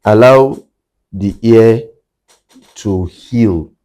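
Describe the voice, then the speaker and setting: A man's voice: on the low side, extremely slow, dark tone. A man working as a hearing care clinician, explaining in an interview and repeating his key points for emphasis.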